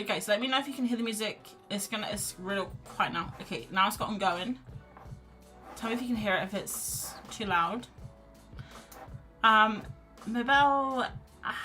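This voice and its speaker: A woman chatting casually on a live stream as she paints at home, reading out chat messages and cheering herself on. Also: mid-range voice. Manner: chatty, reads out chat, rambling and self-encouraging. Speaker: art streamer. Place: home, on a sofa wrapped in a blanket. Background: quiet background music.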